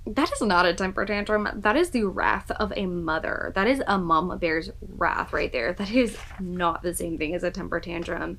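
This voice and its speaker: A woman's voice: mid-range voice, a bit bright, rough recording. A woman vlogger reacting to a book in casual chat, gushing and exclaiming often, sometimes dropping into a whisper.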